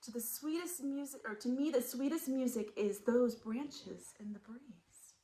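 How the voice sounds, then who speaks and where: A woman voicing a kindly male cricket from a picture book, speaking in a soft, encouraging, wise way. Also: fairly high pitch, unhurried, roomy sound, poor audio. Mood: gentle encouraging. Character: kindly old male cricket, gentle mentor.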